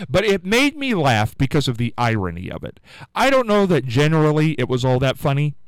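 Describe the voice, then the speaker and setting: A man hosting a morning call-in radio show, telling rambling stories in a chatty, animated way. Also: mid-range voice, clean tone, dry recording, rough recording. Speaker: radio talk show host. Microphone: studio microphone.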